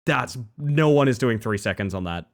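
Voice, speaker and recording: A young man from Western Australia chats casually with his livestream audience at a moderate pace. He swings between nervous mumbling and excited, high-pitched outbursts.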